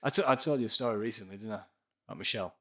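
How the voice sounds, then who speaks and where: A musician appearing as a podcast guest tells a story in a casual chat, his lowish, slightly bright voice racing along. He swears freely, sounds dryly skeptical and acts out the voices of the people in his stories.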